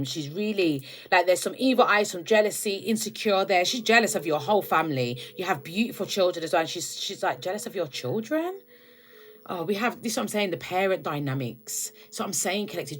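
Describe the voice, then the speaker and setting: A woman's voice: medium pitch, a bit bright. A woman with a British accent giving a casual spiritual tarot reading, talking straight to her viewers and often checking in with "all right?". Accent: British English. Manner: chatty, keeps asking "all right?" and "okay?". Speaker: tarot reader.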